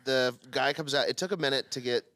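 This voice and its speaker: A man's voice: mid-range voice, a little fast, pushed and bright, no room sound. A man co-hosting a casual podcast, swearing and bantering. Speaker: podcast co-host.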